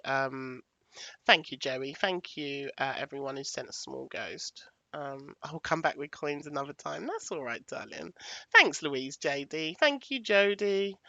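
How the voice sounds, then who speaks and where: A woman hosts a livestream in an easy, unhurried way, talking through her slides as she goes. Her voice is bright and forward. The sound is dry and close, with no room echo. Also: low voice, highs cut off. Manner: chatty, thanks viewers, thinks aloud while picking graphics. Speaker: livestream host. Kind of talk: casual livestream commentary.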